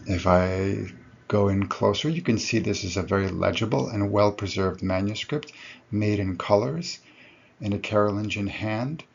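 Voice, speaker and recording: Gravelly low-voiced male lecturer. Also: moderate pace, dull audio. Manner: explanatory, self-correcting. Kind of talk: recorded lecture.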